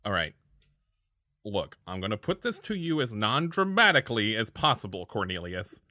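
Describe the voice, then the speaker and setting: A man's voice: fairly low pitch, moderate pace, no echo, studio quality. A man playing in a tabletop role-play, speaking in character in an exasperated way. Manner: exasperated, lively, laughing often. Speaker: player.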